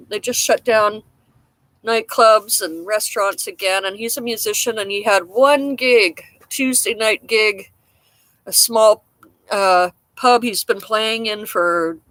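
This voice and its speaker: A woman's voice: a little high, slow pace, a bit bright, no echo. A woman hosting a casual live-stream chat outdoors in a damp garden, talking frankly and rambling, mocking herself with frequent chuckles and the odd cough. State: coughing now and then. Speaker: livestream host chatting with viewers.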